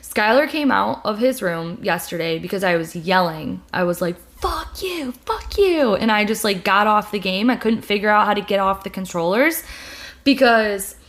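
A woman's voice: medium pitch, normal speed, a bit bright. Candid young woman chatting loosely. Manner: candid, rambling with many fillers and restarts. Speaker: video creator and podcast host. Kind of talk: casual chat.

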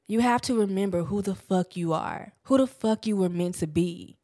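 A woman's voice: medium pitch, a little slow. Candid young woman's casual self-help talk. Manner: candid, animated, swears casually. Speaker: vlogger.

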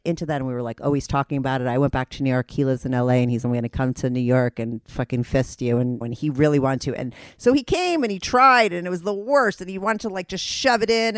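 A woman hosting a podcast, telling candid stories in a casual chat, animated and profane, laughing often. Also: fairly low pitch, no room sound, clean studio sound. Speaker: podcast host.

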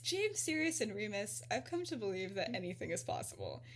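A woman voicing a serene, amused old male headmaster who speaks calmly and wryly. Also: medium pitch, brisk, a little hiss or hum, natural voice.

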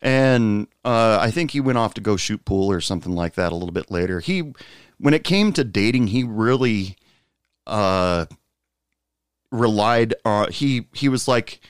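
A man casually telling a long personal anecdote, rambling with fillers and asides, jumping up in pitch when quoting others. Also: expressive, unhurried, clean tone, dry recording, studio quality. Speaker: storyteller.

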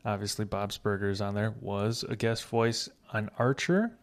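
A man's voice: lowish voice, a little slow. A man hosting a casual podcast chat, asking questions and laughing easily. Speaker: podcast host.

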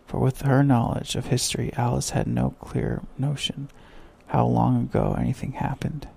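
A man reading a children's story aloud in a soft, measured way. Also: medium pitch, level tone. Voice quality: creaky, husky.

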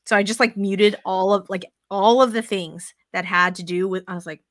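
A woman's voice: medium pitch, steady tone, normal speed, few pauses, no room sound, studio quality. A young woman hosting a casual podcast chat. She swears a lot and acts out her own thoughts as quotes. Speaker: podcast host.

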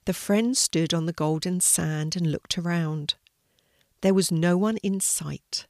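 Slow older woman reading a story. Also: lowish voice, darkish tone, no echo, studio quality.

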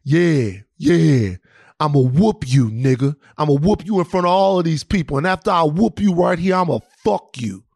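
A huge brawler growls crude, boastful threats at a smaller man outside a club, as a man retells the moment. The voice sits a touch higher than an ordinary man's and is recorded dry. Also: lively intonation, normal speed, vocal fry, a little mellow, slightly rough, dry recording, exaggerated voice. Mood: taunting.

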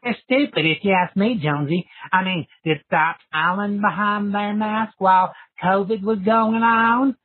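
Man, folksy rambling voicemail, husky voice, phone-line sound. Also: sits high, measured pace, hardly any pauses. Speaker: caller. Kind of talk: voicemail to a podcast.

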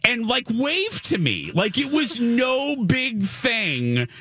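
Animated woman telling a funny story. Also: fairly high pitch, slow pace, slight background noise. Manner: animated storytelling, laughing often. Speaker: podcast co-host. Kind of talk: casual chat.

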